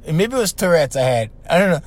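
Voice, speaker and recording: An older man with a Hawaiian accent, hosting a podcast and telling a story in a slangy, animated way with lots of repeats. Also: a little high, fast. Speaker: podcast host. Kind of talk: casual storytelling.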